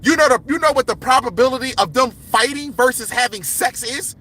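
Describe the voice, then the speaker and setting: A man with a very high, bright, forceful voice hosting a livestream. He talks in a heated, confrontational rant, preaching at his viewers and often breaking into a yell. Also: fairly quick. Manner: impassioned, yelling, confrontational, preachy. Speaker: livestream host.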